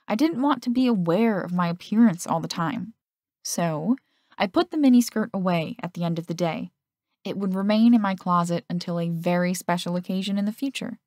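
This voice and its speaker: A woman narrating a first-person romance audiobook in a steady storytelling manner. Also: on the low side, no room sound, clean studio sound.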